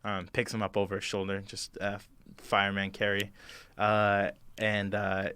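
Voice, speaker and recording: A man's voice: lowish voice, completely flat delivery, a little slow, pushed and bright, clean tone, no echo. A man narrating a tabletop game as game master and host, chatty and full of fillers.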